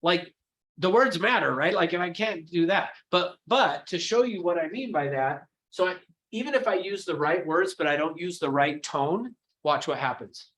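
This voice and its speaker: A high-pitched man runs a sales training session. He is animated and demonstrative and quizzes his audience as he acts out phone calls. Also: moderate pace, rough recording. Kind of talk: live training session with role-play.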